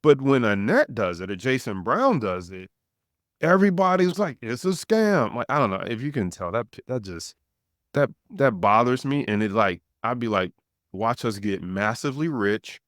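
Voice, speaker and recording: A man's voice: fairly low pitch, very animated, normal speed, a bit bright, no room sound, studio quality. A man hosting a podcast interview, telling a story with heated, rising intensity. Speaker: podcast host and trading educator. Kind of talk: impassioned conversational interview.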